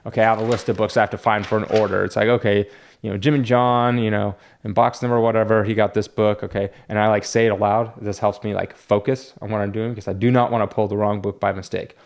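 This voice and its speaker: A man's voice: lowish voice, level tone, fast talker, gravelly. A man running a comic book shop, chatting casually and rambling as he talks himself through each graded book. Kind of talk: casual unboxing chat.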